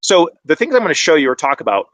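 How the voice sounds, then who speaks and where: Animated man presenting, dry close sound. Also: a little high, fast, dry recording. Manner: conversational and animated, many fillers. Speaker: conference presenter. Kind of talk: online conference presentation.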